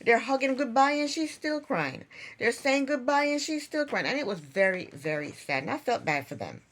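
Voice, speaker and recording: A woman with a fairly high voice that swings up and down a lot tells the story of a reality TV episode in a casual vlog. She circles back to the same points and keeps stopping to ask, in disbelief, how the people on the show could act that way. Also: moderate pace. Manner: animated, repetitive storytelling; exasperated, incredulous asides. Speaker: show recap vlogger. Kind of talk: casual TV recap.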